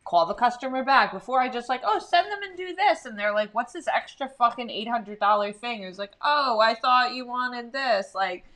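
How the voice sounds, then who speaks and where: A young woman co-hosts a casual podcast chat. Her voice is bright and forceful, and her stories tumble out full of swearing and animation. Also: fairly high pitch, moderate pace, few pauses. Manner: profane, animated storytelling. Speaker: podcast co-host.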